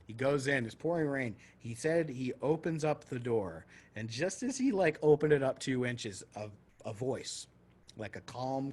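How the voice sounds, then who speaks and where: A man's voice: mid-range voice, darkish tone, slight background noise. A man co-hosting a podcast who tells a long story casually, swearing freely and acting out the voices of the people in it. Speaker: podcast co-host.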